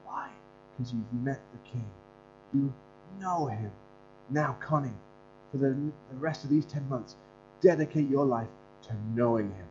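With soft music in the background, a man preaches at a measured pace, leaving long pauses, his mid-range voice darkish in tone. He's a pastor and Bible school leader giving an earnest, storytelling sermon with some fillers and restarts; the lo-fi recording is dull, with mains hum.

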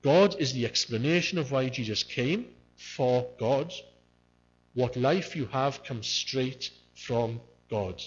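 A man's voice: mid-range voice, animated, takes it slowly, a little hiss or hum. A man preaching a sermon in an earnest way, repeating key words to stress them. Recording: muffled lo-fi recording.

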